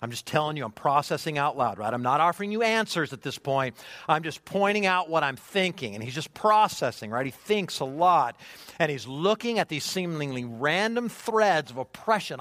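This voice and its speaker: A man preaching a sermon, animated and conversational, with many rhetorical questions. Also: on the high side, normal speed, dry recording, studio quality. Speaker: pastor.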